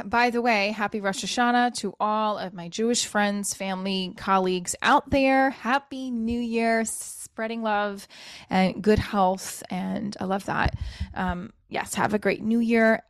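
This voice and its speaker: A New woman in her forties, speaking, hosts a podcast alone. She rambles, swears freely and makes fun of herself as she tries out comedy bits. Her voice sits at a middling pitch and sounds dry and close, with no room around it. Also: steady tone, measured pace, smooth, no echo. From New Jersey. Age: 40s. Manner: rambling, profane, self-deprecating. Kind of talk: casual solo podcast monologue.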